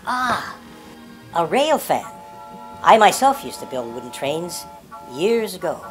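A woman's voice: fairly low pitch, sing-song, takes it slowly, soft background music. A woman playing an aging male elf salesman in an amateur comedy parody, hesitant at first and then pushy and wheedling.

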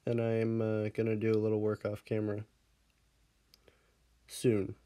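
A man's voice: lowish voice, completely flat delivery, unhurried, mellow. A man casually commenting on his game as he plays, laughing often and scolding his pet dog in the game before fussing over him. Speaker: Minecraft let's player.

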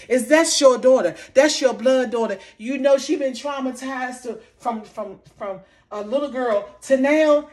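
A middle-aged woman, venting emotionally in a vlog, impassioned and repetitive, her voice sinking soft and low in the hurt parts. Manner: impassioned, repeating herself, voice dropping low and soft when recalling hurt. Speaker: vlogger. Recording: faint background noise.

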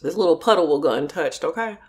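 A woman's voice: low voice, animated, fast talker, darkish tone. A woman vlogger eating very spicy wings, exclaiming and groaning over the heat. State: overwhelmed by spice heat. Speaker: mukbang vlogger. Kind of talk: casual eating vlog.

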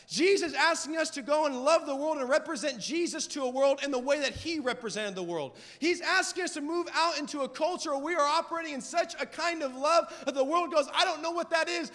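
A young man preaching a sermon with fervent, emphatic delivery and shouted peaks. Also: very high-pitched. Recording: long hall reverb.

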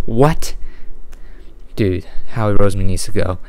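A man delivering an unedited, exasperated sports rant with frequent sighs, deliberately holding his volume down. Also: on the low side, darkish tone, smooth. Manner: exasperated, sighing, ranting. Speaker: sports fan vlogger.

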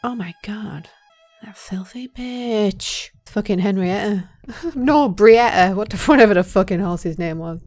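A woman's voice: medium pitch, a little slow. Profane, jokey woman gaming host. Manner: profane, jokey, bursts between loud outbursts and whispers. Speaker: let's play host. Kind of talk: gameplay commentary.

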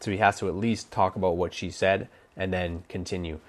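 A man's voice: low-pitched, steady tone, fairly quick. A man coaching on dating, giving casual advice while thinking aloud, with many restarts and fillers. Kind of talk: casual instructional talk.

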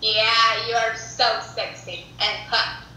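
A woman's voice: a little high, little pitch movement, slow, echoey room, crowd noise, poor audio. A woman chatting bluntly with a stranger on a video chat site.

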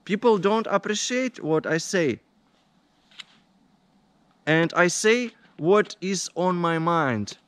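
Slow, indignant man. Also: sits high, lively intonation, a bit bright. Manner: indignant, deliberate storytelling. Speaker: vlogger. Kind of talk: complaining vlog monologue.

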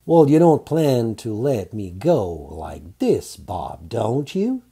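A man's voice: mid-range voice, big pitch swings, slow pace, gravelly, warm tone, husky, full character voice. A man voicing a flirtatious French neighbour woman. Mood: coaxing. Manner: teasing, seductive.

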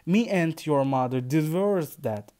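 A man's voice: fairly high pitch, animated, a little slow, warm tone. A man with a Turkish accent voicing a stern father who lectures his young son firmly in a read-aloud story. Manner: firm, lecturing.

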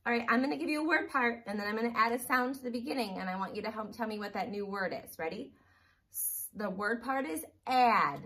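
A woman teaching preschoolers at circle time, slightly hoarse from losing her voice, drawing out words in a sing-song way. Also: on the high side, expressive, brisk, sharp tone, slight background noise. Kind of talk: circle time lesson for young children.

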